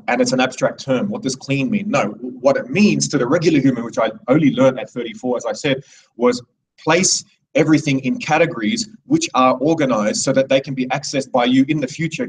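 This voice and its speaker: A man's voice: medium pitch, far from the mic, poor audio. A man in his thirties giving a rambling, digressive live speech to an audience, with many restarts. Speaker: speaker at a live event.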